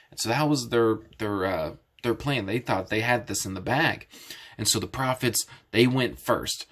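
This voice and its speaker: A man's voice: lowish voice, normal speed, fairly bright tone. A man casually retelling a Bible story as a lesson, explaining things simply and often restarting sentences. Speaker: Bible teacher.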